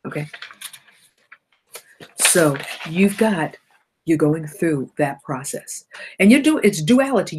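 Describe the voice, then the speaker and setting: A woman's voice: sits low, background noise. A middle-aged woman with a cold hosts a motivational broadcast, talking animatedly to viewers and often laughing and correcting herself. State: has a cold. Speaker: host of a self-help broadcast.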